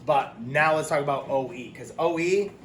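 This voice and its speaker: A man's voice: on the high side, normal speed. A man teaching a phonics lesson, patiently drilling words and praising the class, with frequent ums. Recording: echoey room with loud background hiss.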